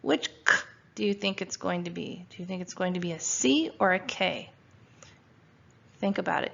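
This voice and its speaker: A woman's voice: fairly low pitch, gravelly, a bit bright, slightly rough. A woman teaching a phonics spelling lesson to first graders, patiently sounding out letters and asking questions, recorded at home. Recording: dull lo-fi recording.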